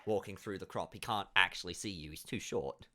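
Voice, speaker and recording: Rambly game master, bright voice. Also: male voice, sits low, brisk. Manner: meandering, lots of fillers and restarts. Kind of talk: narrating a tabletop game.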